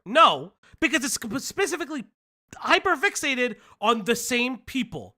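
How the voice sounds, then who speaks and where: A man co-hosting a reaction stream, talking in a loose, animated way, often laughing and swearing. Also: very high voice, moderate pace. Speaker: stream co-host reacting to a video. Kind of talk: casual reaction stream chat.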